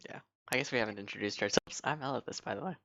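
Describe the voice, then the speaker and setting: A man's voice: medium pitch, very fast, vocal fry, bright, forceful tone, muffled recording. A man playing a tabletop game, teasing the others in a wry way. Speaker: player.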